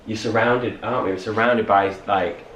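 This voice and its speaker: A man's voice: fairly low pitch, normal speed. A young man chatting casually, rambling and acting out little quotes. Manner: rambling, animated quoting. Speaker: co-host. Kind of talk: casual morning chat. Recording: roomy, distant mic, faint hiss.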